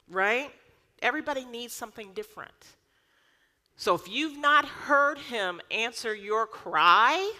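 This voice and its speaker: Woman pastor, 40s, bright forceful voice, emphatic sermon delivery. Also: fairly high pitch, in a large hall. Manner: lively, emphatic preaching with rhetorical questions.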